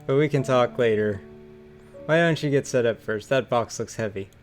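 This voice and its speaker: A man voicing a dying man's grown son in a video game playthrough, reading the lines flatly and reluctantly, with game music behind. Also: mid-range voice, moderate pace, lightly acted.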